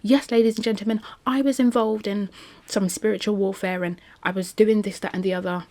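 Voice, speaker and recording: A woman's voice: mid-range voice, fairly even intonation, fairly quick, mellow, voice pushed up, lightly acted. A woman putting on a mock-formal British accent to play a celebrity woman making a grand announcement.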